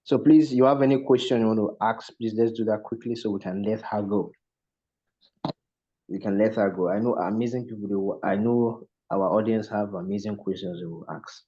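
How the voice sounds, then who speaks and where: A man co-hosting an online meeting, pleading with the audience for quick questions and calling on a caller. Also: lowish voice, fairly even intonation, dark tone, lo-fi sound. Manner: pleading, repeats requests. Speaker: meeting co-host.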